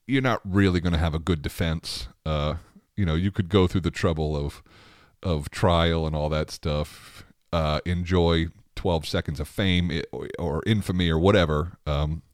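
A podcast host delivers a casual solo monologue, rambling, interrupting himself with many restarts and laughing often. His voice sits low with a steady tone and moderate pace. The recording is dry and studio quality.

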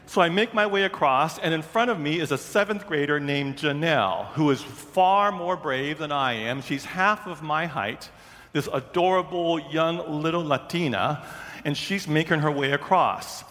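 A man preaching, telling a self-mocking story with animated, acted-out quotes. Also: on the high side, moderate pace, long reverb tail. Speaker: pastor. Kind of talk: sermon storytelling.

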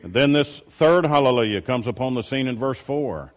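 A middle-aged man preaching a sermon, telling stories in a low voice and then rising loudly as he reads and exhorts. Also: lively intonation, moderate pace. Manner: shifts from quiet storytelling to loud preaching.

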